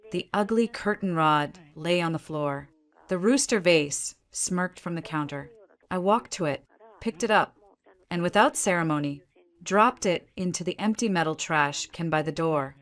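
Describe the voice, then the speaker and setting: A woman giving a steady, measured first-person story narration. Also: fairly low pitch.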